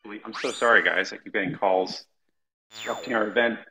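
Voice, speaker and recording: A man's voice: on the low side, fairly quick, noisy background. A man hosting a panel, asking guests questions in a chatty way with lots of fillers. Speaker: panel host. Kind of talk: casual panel interview.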